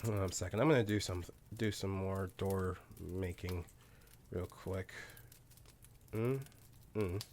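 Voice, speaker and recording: A man's voice: deep voice, fairly even intonation, measured pace, long pauses, darkish tone, a little hiss or hum. A man chatting casually on a live game stream, swearing freely and barking orders at the game characters. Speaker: streamer playing a colony sim game.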